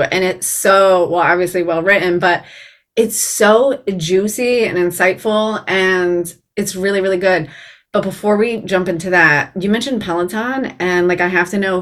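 An American woman in her thirties hosting a podcast, gushing and slangy in casual chat. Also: lowish voice. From United States. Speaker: podcast host.

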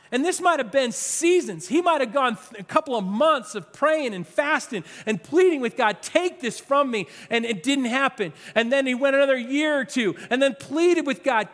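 A man's voice: extremely high pitch, lively intonation, normal speed, a bit bright. A male pastor preaching a sermon with passion, stressing and repeating his words. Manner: impassioned, emphatic, repeats phrases. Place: church sanctuary. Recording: long reverb of a large hall.

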